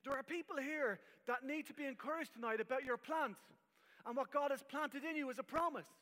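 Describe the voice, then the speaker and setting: High bright-voiced male preacher in a hall. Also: fairly quick. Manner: emphatic, wry asides. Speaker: pastor. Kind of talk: sermon. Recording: long reverb of a hall.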